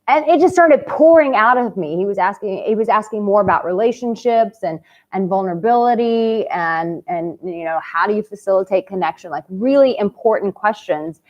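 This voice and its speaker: A woman's voice: mid-range voice, moderate pace, a little mellow. A woman with a mid-range voice talks straight to her viewers as a dating coach for men. She is passionate, candid and cheeky, and she swears now and then. The recording sounds slightly dull and muffled. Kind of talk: direct-to-camera advice vlog.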